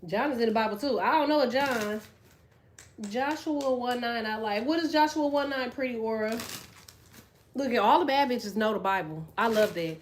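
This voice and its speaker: A woman's voice: on the high side, moderate pace, a little hiss or hum. Blunt, laughing woman on a live stream. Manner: blunt, lively, laughs often, reads chat aloud. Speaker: tarot live stream host. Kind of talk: casual live stream chat.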